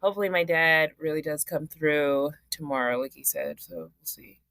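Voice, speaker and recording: A young woman co-hosting a podcast, telling animated stories with frequent laughter and swearing. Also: low voice, moderate pace, no room sound. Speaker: podcast co-host. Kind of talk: casual chat.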